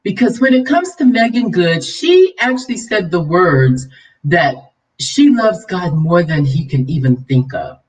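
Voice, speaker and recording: A woman's voice: lowish voice, sing-song, measured pace, recorded from a distance, poor audio. Preachy woman livestreamer, a bit off-mic. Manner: preachy, scolding and chatty with a laugh. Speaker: vlog host. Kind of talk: livestream commentary.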